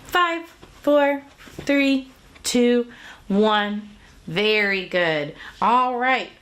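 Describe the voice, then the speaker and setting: A woman's voice: a little high, animated, extremely slow, a bit bright. A woman teaching an online kindergarten music class from a music room at home, talking to young children in a cheerful, sing-song way with simple songs and counting.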